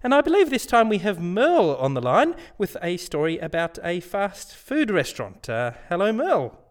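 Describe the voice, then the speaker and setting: A man hosts the show in a polite, earnest manner, chuckling as he talks. His voice sits a little high for a man. His intonation is lively and rises and falls a lot. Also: normal speed. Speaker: host. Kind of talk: scripted comic radio-show hosting.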